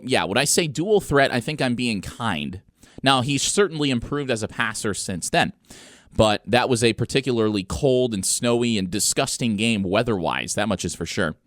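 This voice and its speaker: A man's voice: medium pitch, fairly bright tone, no room sound. A young man hosting a college sports radio show, giving commentary with dry, sarcastic quips.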